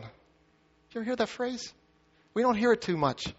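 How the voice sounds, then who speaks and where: A man's voice: high-pitched, moderate pace, pauses often. A man preaching a sermon as pastor, reading scripture aloud and asking the congregation questions. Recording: muffled sound with long hall reverb.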